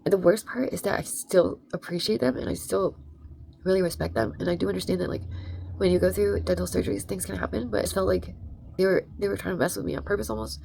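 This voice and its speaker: A woman's voice: on the low side, steady tone, fast, gravelly, dark tone, a little hiss or hum. A young adult woman telling a rambling, emphatic story in a casual vlog, full of "like" and "right?". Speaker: vlogger.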